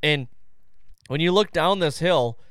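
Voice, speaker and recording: A man hosting a podcast, telling a story in a loose, animated and profane way. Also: on the high side, measured pace, clean tone, dry recording, clean studio sound. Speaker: podcast host. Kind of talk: casual storytelling chat.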